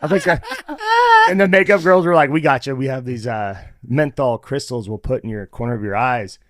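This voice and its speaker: A man guest in a casual interview, telling behind-the-scenes stories in an animated way and acting out what people said with laughs. His voice is dry and close, with nothing of the room around it. He talks at an easygoing, conversational pace. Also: mid-range voice, normal speed, no room sound. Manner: animated, acts out quotes with laughs. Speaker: guest, former fighter turned actor.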